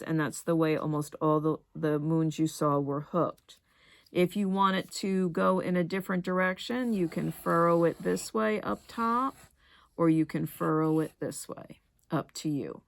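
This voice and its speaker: A middle-aged woman teaching rug hooking, walking through each step in a practical, unhurried way. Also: fairly low pitch. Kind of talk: craft tutorial demonstration.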